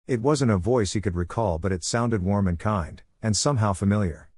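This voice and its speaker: A man narrating a fan-written story in a plain, steady reading voice. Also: fairly low pitch, moderate pace, slightly rough, no echo, clean studio sound.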